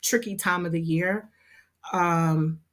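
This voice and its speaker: On a casual livestream, a woman who teaches a hair program talks in a chatty, heartfelt, expressive way. Her voice is fairly low and her pace is slow.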